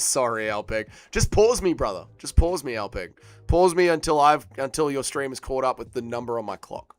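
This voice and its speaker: An excitable man hosts a live fight watch-along, bantering with his chat and swearing freely. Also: mid-range voice, moderate pace. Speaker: livestream host.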